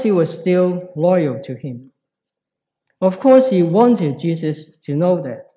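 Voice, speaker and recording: A man preaching a sermon in a slow, reflective way with pauses. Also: a little high, dark tone, rough recording.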